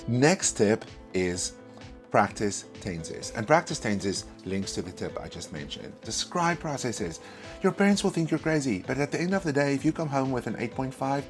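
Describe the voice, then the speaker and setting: A man giving a casual video lesson as an English speaking-test tutor, stressing key words and repeating them. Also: medium pitch.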